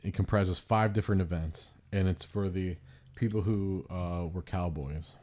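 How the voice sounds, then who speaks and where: A man co-hosting a podcast, chatting casually and recapping a TV show in a jokey, rapid-fire way. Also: low voice, mellow. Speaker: podcast co-host.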